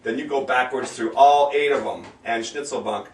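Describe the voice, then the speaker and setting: A man teaching a sing-along at an even middle pitch, drawing out each foreign word slowly and clearly. He catches and corrects his own slips as he goes. His voice comes from some distance off the mic and rings around a roomy space. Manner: slow, careful enunciation of foreign words, stops to correct himself. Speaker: sing-along leader teaching a German bar song. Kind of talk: casual spoken lesson with sung examples.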